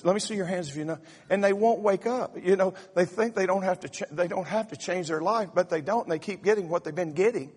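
A male pastor delivers a folksy, joking sermon, calling out to his congregation and filling gaps with "uh." His voice sits high and sounds husky. Long reverb trails every phrase in the sanctuary. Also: fast talker, darkish tone. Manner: folksy, rallies the congregation, stutters in repeated "uh". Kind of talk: humorous sermon. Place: church sanctuary.

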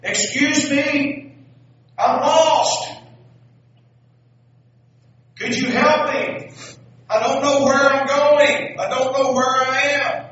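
A man voicing a lost, flustered male balloonist in a high, loud, pleading voice, in a sermon story. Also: fairly even intonation, takes it slowly, full character voice. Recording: echoey hall, distant dull mic.

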